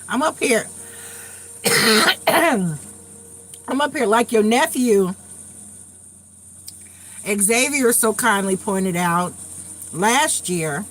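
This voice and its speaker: A woman in her late forties chats on a live stream with a fairly high voice that swings widely up and down. She talks bluntly and swears freely, telling stories with a lot of drive. She is getting over a cold and coughs now and then. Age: late 40s. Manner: blunt, profane, animated storytelling. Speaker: tarot reader hosting a live stream. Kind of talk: casual live chat.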